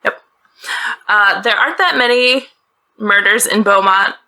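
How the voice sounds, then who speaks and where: Gravelly, bright-voiced woman telling a crime story. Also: medium pitch, measured pace. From northeastern United States. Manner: chatty, laughing, storytelling with asides. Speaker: podcast host telling the case. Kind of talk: casual true-crime chat. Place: small closet-like bedroom.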